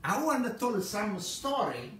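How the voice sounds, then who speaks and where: An Italian man with a fairly high voice hosts a live cooking stream from his home kitchen. He chats and tells stories in cheerful broken English. The room around him has a noticeable echo. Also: very animated, a little slow, a bit bright. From Italy. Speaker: home cook host.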